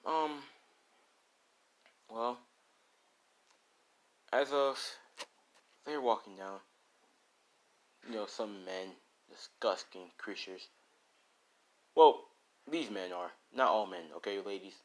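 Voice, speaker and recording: A man's voice: fairly low pitch, lively intonation, takes it slowly, long pauses. A man casually narrating a fan story, rambling with slangy, profane asides.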